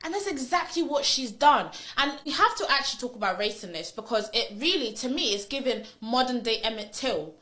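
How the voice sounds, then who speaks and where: Animated woman telling a story. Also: a little high, a little fast, few pauses. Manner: animated storytelling, acts out quoted lines. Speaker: podcast guest telling her story. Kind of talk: casual chat.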